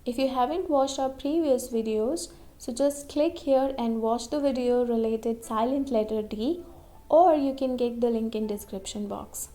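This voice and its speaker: A woman's voice: a little high, a little slow, warm tone. A woman teaching English pronunciation, saying each example word twice and checking in with "okay?" as she explains. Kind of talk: slow, deliberate pronunciation lesson.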